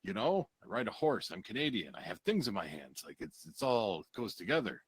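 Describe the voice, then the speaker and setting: A man's voice: on the low side, sing-song, a little fast, husky, dry recording. A man co-hosting a comedy show who tells a story and acts out the characters' lines. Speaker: podcast co-host.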